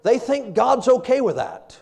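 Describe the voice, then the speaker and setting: Extremely high in pitch, this man's voice is creaky with a breathy edge, and he takes his time. His sermon is humorous and lively, built on everyday stories, frequent laughter, and quotes from old-fashioned scripture.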